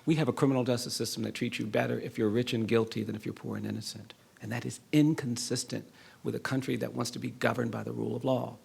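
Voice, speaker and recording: Gravelly, husky middle-aged man telling a story. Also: medium pitch, fairly even intonation, a little mellow. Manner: earnest, measured storytelling with rising emphasis. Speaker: law professor and speaker. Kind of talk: public lecture storytelling. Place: lecture hall.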